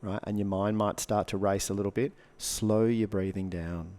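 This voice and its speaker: A man's voice: on the low side, steady tone, normal speed, dark tone. A man, a coach and speaker, talking casually on a podcast. He swears freely and acts out the reactions he describes.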